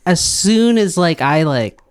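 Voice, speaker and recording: A man's voice: fairly high pitch, expressive, clean tone. Joking man chiming in. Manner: joking, chimes in with quick reactions. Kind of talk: casual chat.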